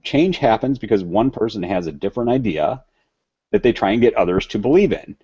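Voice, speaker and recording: A man's voice: lowish voice, expressive, a little fast, dark tone, breathy edge, dry recording, highs cut off. A man speaking earnestly on a video call panel, restarting phrases often and joking at himself. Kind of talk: casual video panel chat.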